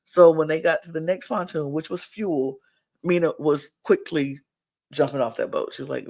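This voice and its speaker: A woman's voice: deep voice, moderate pace, vocal fry, darkish tone. A woman hosting a podcast and recapping a reality show in casual chat, acting out what people said. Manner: chatty, acts out people's quotes. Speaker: podcast host.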